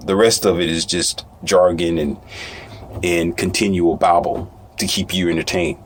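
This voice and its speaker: Slow, low-voiced man reading news with asides. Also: steady tone, slight background noise. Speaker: commentator reading news aloud. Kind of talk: casual commentary over read-aloud news.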